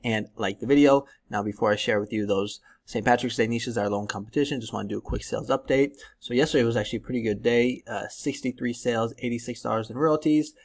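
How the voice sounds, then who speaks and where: A man from California talking through a casual screen-share tutorial, relaxed and chatty with plenty of ums and likes. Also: mid-range voice, fast, gravelly, few pauses. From Northern California. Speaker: YouTube print-on-demand tutor.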